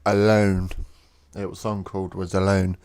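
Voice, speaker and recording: A man's voice: deep voice, flat delivery, darkish tone, clean tone, no room sound. Jokey English man, dry close sound. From England. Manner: jokey, does quick accent impressions. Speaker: radio host. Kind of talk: casual interview chat.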